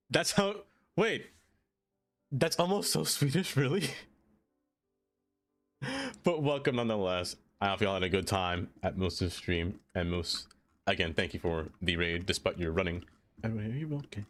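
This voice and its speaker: A man live-streaming a city-building game, chatting playfully with viewers, greeting them by name and laughing often. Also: fairly low pitch. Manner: playful, easily excited. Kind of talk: casual live-stream chat.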